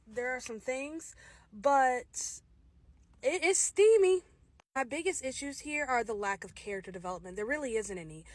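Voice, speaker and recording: A woman's voice: a little high, no echo. A woman giving a casual, candid spoken review of a film, opinionated and direct, with frequent restarts.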